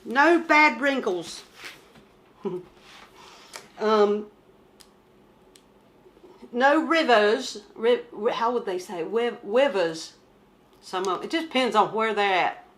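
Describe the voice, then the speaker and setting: A woman's voice: on the high side, slow pace, long pauses, fairly bright tone. A woman chatting casually as she shows her craft kit, rambling and joking about herself. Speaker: crafting vlogger. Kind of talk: casual show-and-tell chat.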